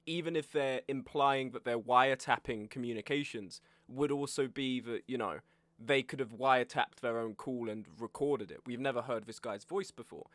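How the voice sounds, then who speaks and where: A man's voice: mid-range voice, moderate pace, fairly bright tone, no echo. Young male streamer with a sore throat, wry and chatty, on a dry close mic. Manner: chatty, wry, reads chat aloud while eating. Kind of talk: casual game stream commentary.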